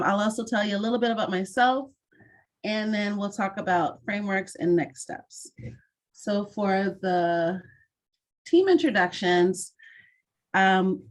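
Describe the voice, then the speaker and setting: Over a video call, a medium-pitched woman leads an online mentoring session, offering encouraging, clearly worded guidance.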